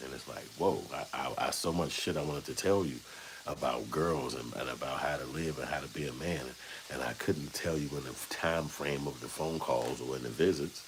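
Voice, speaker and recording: A man's voice: a bass voice, moderate pace, background noise. A man, hosting a casual live stream and telling stories in a loose way, acting out the people he quotes. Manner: loose, storytelling, acts out quoted voices. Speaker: show host.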